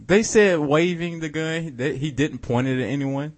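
A man's voice: a little high, moderate pace. A man co-hosting a casual comedy chat, laid-back and slipping into joking put-on voices. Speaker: podcast co-host.

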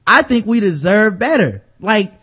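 A man in casual podcast chat, animated and profane, laughing often. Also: high-pitched, moderate pace, husky. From United States. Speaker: podcast co-host.

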